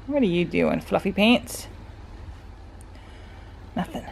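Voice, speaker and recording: Still winded from exercising, an Australian vlogger in her forties chats and laughs with her dogs in a rambling home video. Her fairly low voice has lively intonation, a slow pace and vocal fry, and there's a little hiss or hum.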